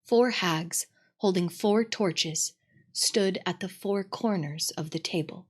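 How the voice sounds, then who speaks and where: A woman narrating a storybook read-aloud in an expressive, dramatic way. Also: fairly low pitch, slow, husky.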